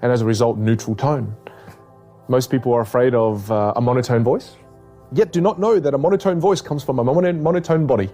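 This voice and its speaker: A man working as a communication coach, explaining his ideas in a podcast conversation with energetic, emphatic repetition. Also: medium pitch, fairly quick, soft background music. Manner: energetic, emphatic, repeats key points.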